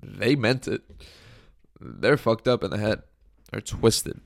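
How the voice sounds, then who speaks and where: A young man hosting his podcast alone, hoarse from a cold, joking crudely and rambling in casual chat into a close microphone. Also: fairly low pitch, animated, slow pace, dry recording. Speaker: podcast host. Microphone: studio microphone, close.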